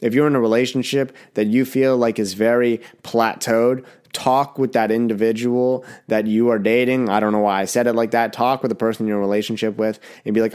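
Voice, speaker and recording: A man's voice: medium pitch, a little fast, few pauses, a little mellow, smooth. A young man hosting a casual solo podcast, talking bluntly and rambling with swearing, a little sick. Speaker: podcast host.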